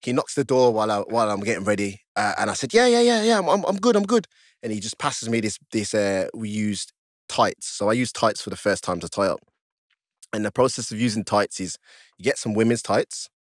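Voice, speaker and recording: A man guest on a podcast, telling a story in casual chat, laughing often and jumping high in pitch as he acts out his own panic. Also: steady tone, a little fast, no room sound, clean studio sound. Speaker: podcast guest, stripper and fighter.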